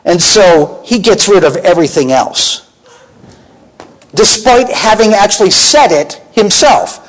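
A man's voice: sits high, lively intonation, measured pace, poor audio. A man teaching from the Bible as a preacher, emphatic and full of rhetorical questions to his listeners.

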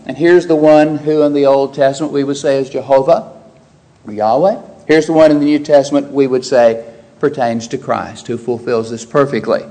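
A man's voice: on the high side, fairly quick, mellow, rough recording. A man preaching a verse-by-verse sermon, raising his voice when he quotes scripture and asking the listeners questions. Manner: emphatic, rising sharply when quoting scripture; explains verse by verse with rhetorical questions. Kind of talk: expository sermon.

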